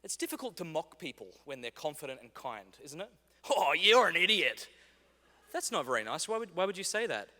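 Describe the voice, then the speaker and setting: Barely pausing, a man in his thirties talks quickly in a slightly high voice as the keynote speaker at a large conference hall. His humorous talk is animated and full of stories and acted-out dialogue, all ringing with the hall's long reverb.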